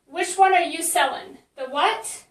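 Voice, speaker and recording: A woman's voice: very high voice, measured pace, reverberant, distant mic, poor audio. A woman marketing coach teaching in a casual live stream, chatty and blunt, with many fillers and restarts.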